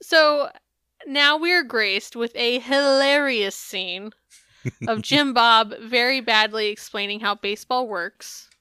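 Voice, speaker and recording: A woman co-hosting a podcast in casual chat, animated and swearing freely. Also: a little high, slow pace, clear, resonant tone, no room sound. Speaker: podcast co-host.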